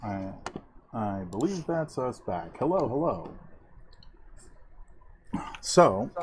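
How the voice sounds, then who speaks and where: A man running an online tabletop game as game master, relaxed and chuckling, with plenty of ums and uhs. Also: mid-range voice, slow, noisy background. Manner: relaxed, laughing, filler-heavy.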